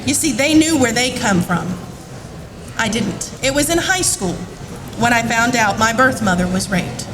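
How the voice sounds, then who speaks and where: High-voiced woman recorded from afar. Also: animated, measured pace. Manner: earnest, faith-filled. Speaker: speaker giving her testimony. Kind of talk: personal testimony. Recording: distant mic with noise.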